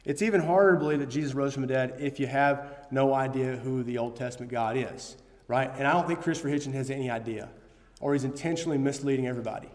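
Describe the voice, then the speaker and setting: A man's voice: medium pitch, fast, darkish tone. A man preaching a sermon, earnest and quoting scripture, with emphatic bursts. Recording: long hall reverb.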